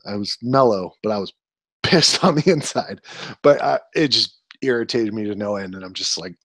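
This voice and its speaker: A man's voice: fairly low pitch, expressive, moderate pace, a bit bright, dry recording, studio quality. A man in his twenties co-hosting a casual podcast, telling annoyed stories with an exasperated, ranting manner. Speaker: podcast co-host.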